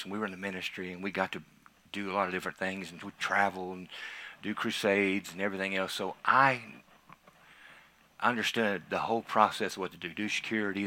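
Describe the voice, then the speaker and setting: During a sermon, this pastor recounts his own testimony, shifting from hushed side remarks to bursts of loud excitement. He speaks with a lowish voice.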